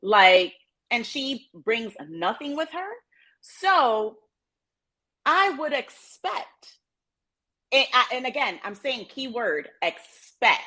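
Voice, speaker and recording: A woman co-hosting a relationship podcast, telling stories in a casual, slangy, animated way. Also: a little high, slow, pauses often. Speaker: podcast co-host.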